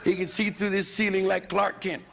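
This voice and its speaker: Gravelly bawdy man on a stage. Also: sits high, little pitch movement, normal speed. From United States. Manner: bawdy, drawling, chuckling at his own jokes. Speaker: stand-up comedian. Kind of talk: raunchy live stand-up routine. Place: live comedy stage with audience. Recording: noisy live stage recording.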